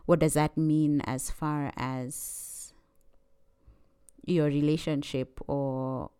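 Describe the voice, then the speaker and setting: A woman co-hosting a podcast who talks in a thoughtful, hesitant way, pausing with fillers as she reflects. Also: low-pitched, level tone, dark tone, smooth. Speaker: podcast co-host. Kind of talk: casual chat.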